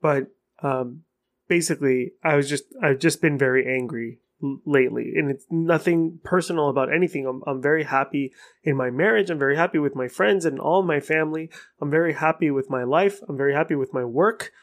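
A man's voice: fairly high pitch, brisk. A man hosting his own podcast, talking alone in a rambling, frank way and cursing for emphasis. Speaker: podcast host. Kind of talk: casual solo podcast monologue.

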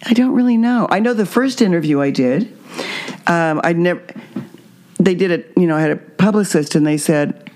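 Animated, laughing older American woman. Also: lowish voice, normal speed. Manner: animated, laughing, puts on voices. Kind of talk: casual chat.

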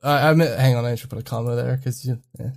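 A man in casual podcast banter, loudly teasing and laughing at the others during a recording session. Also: mid-range voice, fast talker, vocal fry. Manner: loud, laughing, playful teasing. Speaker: podcast cast member directing a recording session. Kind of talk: casual joking chat.

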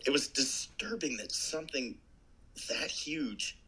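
Husky, bright-voiced middle-aged man. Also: medium pitch, very animated, a little slow, poor audio. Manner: blunt, profane, dry humor. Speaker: guest, army tank veteran. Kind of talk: casual chat.

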